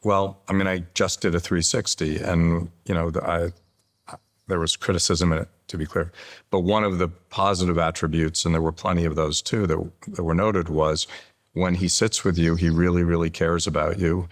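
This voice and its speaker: Man in his sixties, executive guest, very low voice, measured, explanatory, anecdotal. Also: little pitch movement. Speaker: interview guest, chief executive. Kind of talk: conversational interview.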